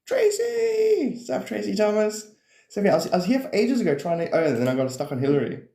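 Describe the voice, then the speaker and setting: A man's voice: a little high, sing-song, racing, dark tone, roomy sound. A man rambling through casual livestream chat about spirituality, swearing freely and laughing often.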